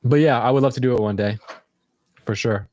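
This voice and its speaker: A man's voice: medium pitch, brisk, darkish tone. A man hosting a livestream, chatting casually in a loose, rambling, reflective way. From United States. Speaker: livestream host.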